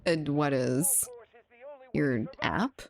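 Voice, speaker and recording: A woman's voice: deep voice, extremely slow, darkish tone. A young woman streaming a game, chatting candidly with her chat, joking and laughing often. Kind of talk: casual stream chat while gaming.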